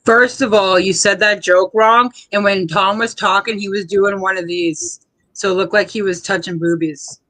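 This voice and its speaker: Man, high voice, sharp and bright, teasing, stream guest. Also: fairly even intonation, moderate pace, low-quality recording. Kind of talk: casual chat.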